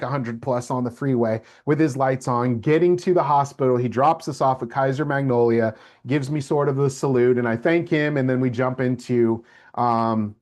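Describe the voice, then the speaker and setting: A middle-aged lecturer with a mid-range voice tells his class a personal story, animatedly acting out the voices of the people involved.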